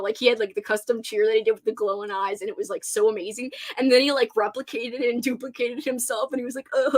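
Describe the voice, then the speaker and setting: Bubbly woman with a fairly high voice, casual livestream host chatting with viewers, laughs a lot. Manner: bubbly and gushing, laughs often, many "like" fillers. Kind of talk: casual livestream chat, reading out viewer comments.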